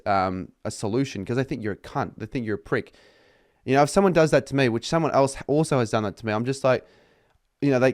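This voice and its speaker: A man's voice: medium pitch, no room sound, studio quality. A young man with an Australian accent ranting casually to camera about his retail job, swearing often and exasperated. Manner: sweary, exasperated, mocking customers in put-on voices. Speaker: vlogger.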